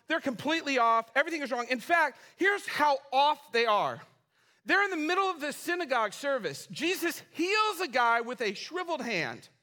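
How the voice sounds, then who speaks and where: A pastor preaching a sermon in church, telling the story in a casual, humorous, animated way. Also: male voice, very high-pitched, moderate pace.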